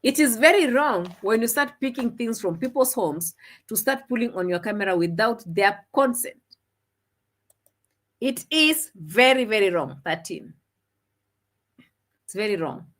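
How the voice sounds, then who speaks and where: A woman's voice: on the high side, animated, moderate pace. A woman giving opinionated commentary, scolding with rhetorical questions and dramatic repeats. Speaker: commentary vlogger.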